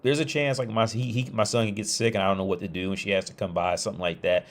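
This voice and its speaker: A man's voice: lowish voice, fairly even intonation, quick pace. A man talking on a casual livestream, rambling with many restarts and fillers. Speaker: streamer.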